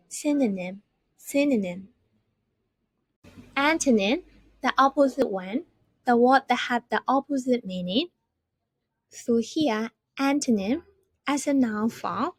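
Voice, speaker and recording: A woman teaching vocabulary over slides, explaining step by step and repeating words slowly to show their stress. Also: fairly high pitch, dry recording. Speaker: English teacher.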